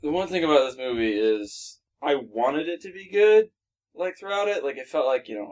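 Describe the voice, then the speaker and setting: A man's voice: mid-range voice, big pitch swings, brisk, a little mellow. A young man co-hosting a podcast, bluntly and profanely tearing apart a film in casual chat. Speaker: podcast co-host. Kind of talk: casual movie review chat.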